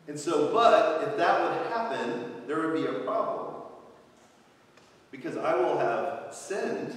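Pastor preaching playfully in echoey church. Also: male voice, mid-range voice, a bit bright. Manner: conversational, playful storytelling with light laughs. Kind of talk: sermon. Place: church sanctuary. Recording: distant, echoey church hall.

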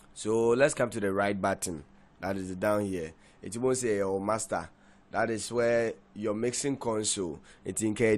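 A man giving a software tutorial as a DJ, talking haltingly with many fillers and switching into Twi. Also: on the low side. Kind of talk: screen-recorded software tutorial.

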